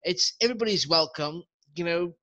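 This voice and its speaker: Bright-voiced male interview host. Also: on the high side, a little fast. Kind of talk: conversational interview.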